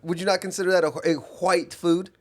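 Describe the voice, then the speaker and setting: A man's voice: high voice, flat delivery, fast talker. A young adult man co-hosting a casual comedy podcast, rambling and correcting himself as he argues his point. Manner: rambling, self-correcting, questioning. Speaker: podcast co-host.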